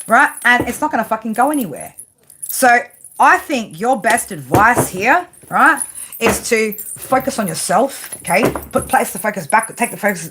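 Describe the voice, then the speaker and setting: A woman's voice: medium pitch, background noise. A woman giving a live tarot reading to viewers, blunt and swearing constantly, tagging her lines with "right?". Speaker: tarot reader.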